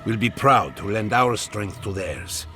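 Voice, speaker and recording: A wry skeptical game adviser. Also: male voice, fairly low pitch, sing-song, measured pace, sharp tone, faint music behind, heavily acted. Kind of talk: video game voice acting.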